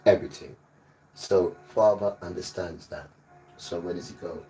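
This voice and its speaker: A man's voice: deep voice, normal speed, warm tone, far from the mic, soft background music. A man preaching on a livestream, emphatic and repetitive, sometimes scolding his listeners. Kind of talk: livestreamed sermon.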